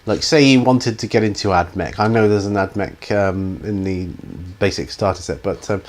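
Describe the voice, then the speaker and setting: A middle-aged man with a somewhat low voice answers viewer questions on his hobby channel. He rambles and hesitates, restarting sentences and filling gaps with ums, in an easy, casual way. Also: fairly even intonation, normal speed. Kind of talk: casual Q&A chat.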